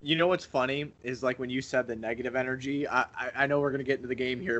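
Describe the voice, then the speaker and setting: A man's voice: mid-range voice, fairly even intonation, quick pace, few pauses, a bit bright. A man co-hosting a casual sports podcast, rambling, profane and giggly, a bit tipsy. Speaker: podcast co-host.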